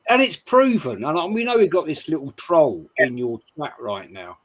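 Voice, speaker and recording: A man hosting a football call-in show, giving measured but blunt opinions. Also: on the high side, sing-song. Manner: measured, blunt, dismissive of critics.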